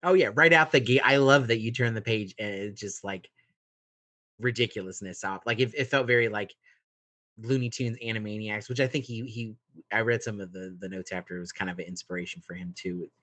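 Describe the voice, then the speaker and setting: A man in a relaxed podcast chat about a comic. He leans on fillers and lets his phrases trail off. His voice is on the low side and sounds dry and close. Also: fairly quick, dry recording. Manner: loose, filler-heavy, trailing off quietly. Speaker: podcast co-host.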